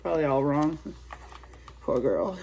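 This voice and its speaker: A woman's voice: low-pitched, very animated, a little slow, vocal fry, warm tone, a little hiss or hum, low-quality recording. A woman vlogger chatting casually while unboxing a toy, giggly and rambling.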